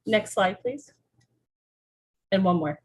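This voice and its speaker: Organized female vice president presenting, brisk, mid pitch. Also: expressive, slightly rough, low-quality recording. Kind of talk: formal presentation.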